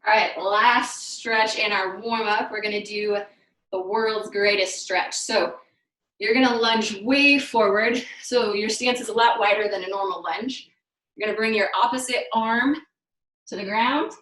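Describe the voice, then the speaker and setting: A woman's voice: medium pitch, steady tone, measured pace, a bit bright. A woman fitness instructor leading a live online workout class, giving step-by-step cues while she demonstrates the moves. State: out of breath. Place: room at home during video call. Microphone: video call. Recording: echoey room.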